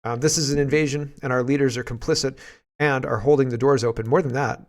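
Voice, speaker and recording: A man's voice: mid-range voice, steady tone, quick pace. A Canadian man hosting casual political commentary, rambling and sarcastic and often laughing.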